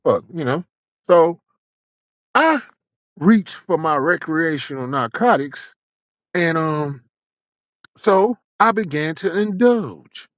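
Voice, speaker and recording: A man telling a long personal story in a casual, animated, profane way, acting out lots of dialogue. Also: fairly high pitch, takes it slowly, pauses often, no echo.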